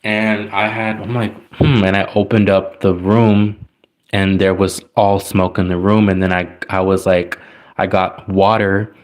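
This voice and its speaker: A man's voice: low-pitched, little pitch movement, measured pace. A man telling a personal story in casual, rambling talk, full of likes and restarts. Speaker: tarot reader.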